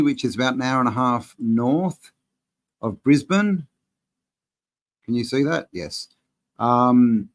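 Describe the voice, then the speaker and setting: A man hosting a live-stream Q&A, talking in a relaxed, rambling way and reading out viewers' chat messages. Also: mid-range voice. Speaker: channel host answering live chat.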